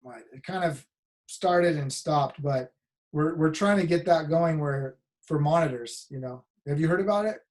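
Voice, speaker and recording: A man's voice: a little high, moderate pace, a little mellow. A man teaching a college class over a video call, talking casually with many restarts and fillers. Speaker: college instructor. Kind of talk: casual online class talk.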